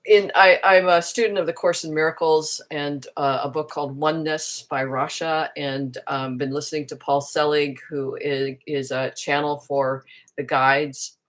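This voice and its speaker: A woman with a deep voice shares a reflective spiritual talk straight to camera. She speaks earnestly and muses aloud, often circling back and restarting her phrases as she searches for words. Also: fairly even intonation, normal speed. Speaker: spiritual teacher and coach.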